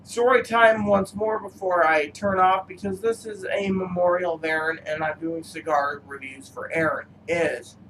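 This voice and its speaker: High, bright-voiced man rambling through stories. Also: fairly even intonation, a little hiss or hum, low-quality recording. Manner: meandering, halting, full of fillers. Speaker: cigar reviewer. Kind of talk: rambling personal storytelling.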